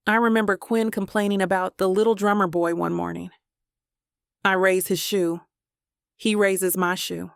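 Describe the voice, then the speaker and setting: A woman narrating a first-person romance audiobook in an intimate, steady way into a close mic. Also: mid-range voice, normal speed, vocal fry, no room sound.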